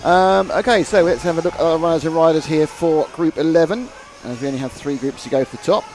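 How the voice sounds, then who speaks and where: A man's voice: fairly high pitch, fast talker, darkish tone, faint music behind. A man commentating a live race, chatting, joking and reading out viewer comments.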